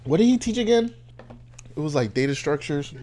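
A young man from Nigeria chatting casually and joking, laughing often, animated and wry. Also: on the high side, a little fast. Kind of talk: casual chat.

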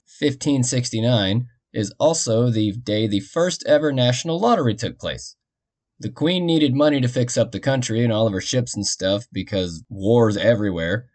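A man's voice: mid-range voice, a little mellow. A man hosting a history storytelling podcast, narrating casually with jokey, rambling asides and muttered side remarks.

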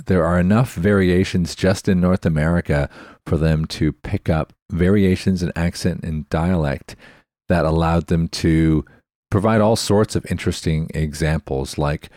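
A man hosts a tech podcast in a casual, explanatory way. His voice sits very low, recorded dry with no room sound. He often stops to spell a word out letter by letter. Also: dark tone, dry recording. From Canada. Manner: chatty, spells words out letter by letter. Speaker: podcast host.

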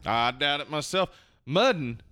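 A man's voice: a little high, lively intonation, measured pace, bright, forceful tone, no echo, clean studio sound. A man voicing a boastful rural redneck, drawling in a put-on Southern US accent. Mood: folksy.

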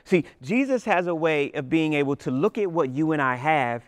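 A male pastor with a smooth, resonant voice, pitched a bit higher than most men. He preaches in a lively storytelling manner, and his voice sounds close and dry. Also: normal speed, dry recording. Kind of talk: sermon.

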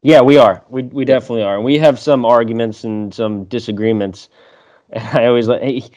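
A young man chatting as a podcast guest, relaxed, laughing often and swearing freely. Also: mid-range voice, fairly quick, dull audio. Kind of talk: casual conversation.

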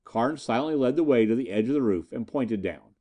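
Lively male audiobook narrator. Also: medium pitch, a little fast. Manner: lively storytelling. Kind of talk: audiobook reading of pulp fiction.

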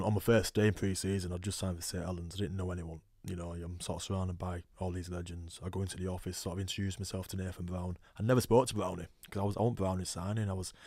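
A man's voice: low-pitched, flat delivery, quick pace, hardly any pauses, a little mellow, no echo. A man with a thick Yorkshire accent, a rugby player guest telling stories in a casual studio chat, laughing often and repeating words as he talks. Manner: chatty storyteller with frequent laughs and repeated words. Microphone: studio microphone.

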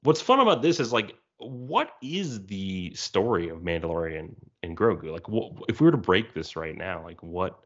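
A man's voice: low voice, big pitch swings, moderate pace, hardly any pauses, fairly bright tone. A man co-hosting a casual fan podcast, musing aloud and firing off one speculative question after another. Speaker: podcast co-host. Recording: dull lo-fi sound.

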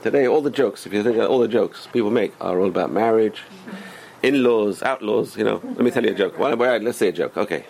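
A man teaching a religious class as a rabbi, animated and full of rhetorical questions to his students. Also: on the low side, brisk, creaky.

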